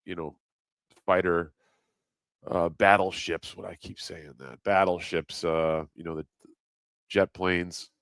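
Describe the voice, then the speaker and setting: A man's voice: low-pitched, a bit bright, clear, resonant tone, dry recording. A middle-aged man rambling crudely in a casual livestream chat, reading comments aloud and laughing at himself.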